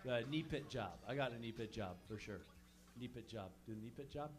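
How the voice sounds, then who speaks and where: A man's voice: mid-range voice, a little fast. A man from Montreal doing a stand-up set, loose and profane, chatting with the crowd between jokes. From Montreal, Canada. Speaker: stand-up comedian. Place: comedy show in a small venue.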